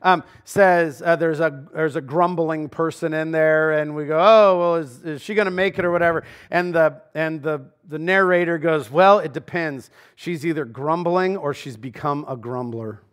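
A pastor preaches in a conversational way. His voice sits a bit high for a man. He jumps between loud emphasis and quiet asides as he speaks to the congregation. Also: moderate pace, few pauses, smooth. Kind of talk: sermon. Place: church sanctuary.

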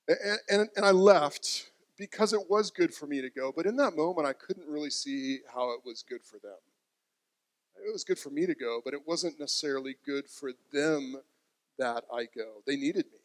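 A man's voice: on the high side, moderate pace, long reverb tail. A man in his thirties, a pastor preaching a sermon, telling a heartfelt personal story and acting out quotes. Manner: storytelling, emotional, acts out quotes.

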